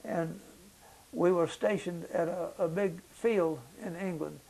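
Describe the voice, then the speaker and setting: An older man with a high-pitched voice for a man and a gravelly edge to it, speaking in an oral history interview. He recalls the past slowly and haltingly, with frequent uh's and restarts as he works to remember. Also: steady tone, darkish tone, poor audio. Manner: halting recollection with many fillers. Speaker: veteran interviewee.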